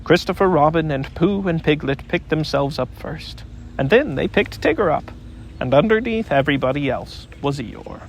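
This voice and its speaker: Lively gravelly male storyteller. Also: a little high, moderate pace, a little hiss or hum. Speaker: audiobook narrator. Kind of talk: storybook audiobook narration.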